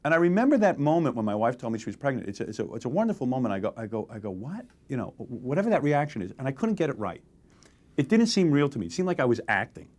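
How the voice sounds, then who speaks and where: A man in his forties in a candid interview, telling lively stories and acting out the exchanges he quotes. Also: medium pitch, very fast. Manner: animated storytelling, acts out quoted exchanges. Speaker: interview guest, radio host.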